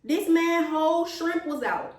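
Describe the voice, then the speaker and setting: A young woman vlogger telling a story in casual chat, animated and dramatic, quoting what people said. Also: extremely high pitch, unhurried. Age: young adult. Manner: animated, dramatic retelling with gasps and quoted lines. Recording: echoey room, mic at a distance.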